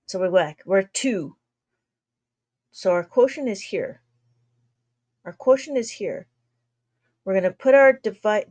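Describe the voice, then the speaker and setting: Her voice sits at a medium pitch with a warm tone as she walks viewers through long division on an abacus during a chatty livestream. Laughter comes often, and she makes an effort to slow down her usual rapid talk.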